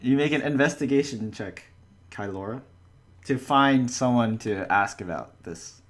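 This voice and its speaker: A man in the game master's seat, describing scenes for his players. His pitch sits in the middle of the male range. He often stops and restarts while working out what happens next. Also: expressive. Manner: halting, full of restarts and fillers. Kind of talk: narrating a tabletop game.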